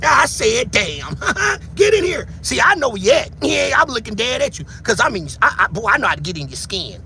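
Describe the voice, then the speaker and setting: A man rants at full volume on a livestream, shouting and taunting in a very high, gravelly voice. His pitch swings wildly from line to line, and a faint hiss of noise sits behind him. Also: very animated, moderate pace. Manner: loud, shouting, taunting, catchphrase-heavy. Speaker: livestream commentator. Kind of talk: heated livestream commentary.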